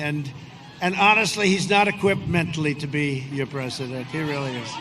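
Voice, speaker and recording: A man giving a rambling, boastful rally speech outdoors in cold wind, often shouting to a crowd. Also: a little high, fairly even intonation, moderate pace. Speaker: politician speaking at a rally. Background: large cheering crowd and wind.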